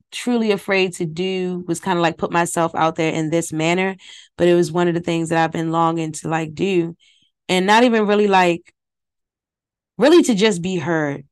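A woman's voice: lowish voice, moderate pace, clean tone. Profane woman rambling into a phone. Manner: profane, digressive, talks to listeners directly. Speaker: podcast host. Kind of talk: casual rambling monologue. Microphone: close phone microphone.

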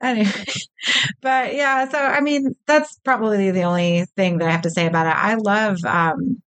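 Female podcast co-host, middle pitch, loose talker who laughs and swears. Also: moderate pace, a bit bright, clean tone. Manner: chatty, lots of likes, swears and laughs easily. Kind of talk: casual chat.

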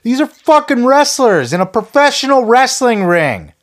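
A man's voice: extremely high pitch, big pitch swings, normal speed. A man hosting a podcast, ranting heatedly with lots of swearing and sarcastic put-downs of his listeners. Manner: profane, heated, sarcastic mocking. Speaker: podcast host.

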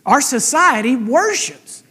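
Brief: man preaching, high-pitched, conversational, keeps questioning the listeners. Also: big pitch swings, slow pace, pushed and bright, husky. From United States. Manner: conversational, asks the congregation questions. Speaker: pastor. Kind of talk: sermon.

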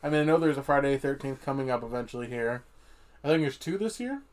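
A man from Michigan co-hosting a podcast, chatting casually with frequent swearing and animated outbursts. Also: medium pitch, fast. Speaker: podcast co-host. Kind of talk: casual chat.

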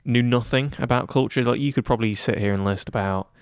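A young man in his twenties talking in a relaxed interview, chatty and self-deprecating with lots of fillers. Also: medium pitch, quick pace, clear, resonant tone, no room sound, studio quality. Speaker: head of news at student radio. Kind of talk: casual interview chat.

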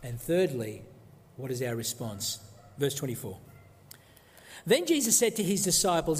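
A man preaching a sermon emphatically, posing rhetorical questions and dropping low for solemn points, recorded in a church. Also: big pitch swings, a little slow, long pauses. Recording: long echoey hall reverb.

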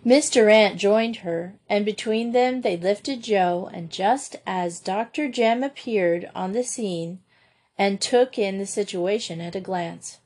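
A woman reading a children's school story aloud in a measured, expressive way. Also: mid-range voice. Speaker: audiobook narrator.

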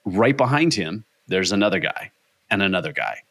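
Low-voiced man telling an excited story. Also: normal speed, no echo. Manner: excited storytelling, swears freely. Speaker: podcast guest, triathlete. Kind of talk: casual chat.

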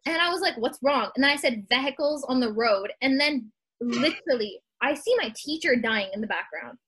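A woman's voice: high voice, expressive, normal speed, noisy background. A young woman chatting over a video call, telling funny stories with giggles and animation. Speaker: student panelist. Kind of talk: casual chat, storytelling.

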